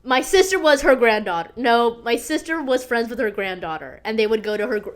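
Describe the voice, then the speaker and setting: A woman's voice: fairly high pitch, fairly quick. A young woman hosting a podcast, chatting through a story in a dramatic, gossipy way, full of "like", swearing and bursts of laughter. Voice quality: animated, breaks into laughter and squeals. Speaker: podcast host. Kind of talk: casual storytelling chat.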